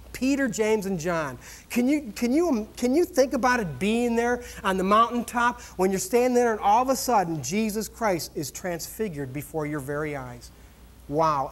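A male pastor delivering a sermon from the pulpit. He talks in a conversational, folksy way, breaking into exclamations and humor as he tells a story. His voice swings from loud, high bursts down to quiet, low asides.

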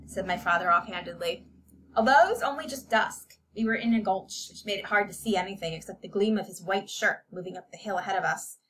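A woman's voice: on the low side, fairly bright tone. Woman reading a story aloud. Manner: measured, storytelling. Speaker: audiobook reader. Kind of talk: scripted narration.

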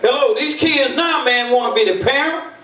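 A high-pitched older man preaches from the pulpit, spinning folksy stories and drawing call-and-response from the pews. His voice rings around an echoey church and comes from some distance away from the mic. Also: normal speed, sharp tone. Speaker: bishop and pastor. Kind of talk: sermon.

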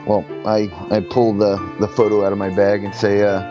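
A man playing a tabletop game, talking casually and haltingly over background music. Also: lowish voice, monotone, dull audio. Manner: halting, with fillers and restarts. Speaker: player.

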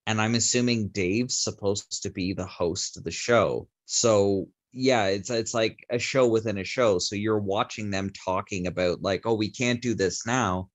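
A man's voice: fairly low pitch, fairly even intonation, measured pace, hardly any pauses. A man co-hosting a podcast in casual chat, easygoing, full of fillers and laughing along. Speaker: podcast co-host.

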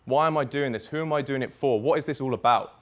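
A young man speaks at a summit, walking through a personal story step by step in the present tense. His pitch sits in the ordinary middle for a man. His delivery is vivid, with blunt swearing. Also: fast talker. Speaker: speaker at a fitness business summit. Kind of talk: storytelling keynote talk.

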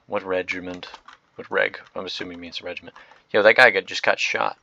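Excitable young man reacting to gameplay. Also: deep voice, brisk, gravelly, dull audio. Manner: excitable, slangy, reactive, swings from loud outbursts to mumbled asides. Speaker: gaming video host. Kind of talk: live gameplay commentary.

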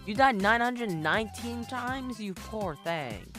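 A woman's voice: medium pitch, takes it slowly, music in the background. A woman giving playful, jokey commentary while playing a video game, yelping and laughing often. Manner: excitable, jokey, yelps and laughs. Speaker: gaming YouTuber.

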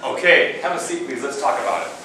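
A man's voice: mid-range voice, quick pace, very noisy. A man leading a choir rehearsal, coaching singers in an upbeat way and counting and singing out rhythms. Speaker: choir conductor. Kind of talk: rehearsal instruction. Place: rehearsal hall. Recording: echoey hall, distant mic, loud music.

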